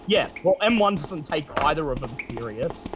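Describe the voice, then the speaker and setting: High-voiced man chatting on a stream. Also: lively intonation, normal speed, background noise. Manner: explains at length, with frequent restarts and fillers. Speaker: streamer and game master. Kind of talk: casual chat while streaming a game.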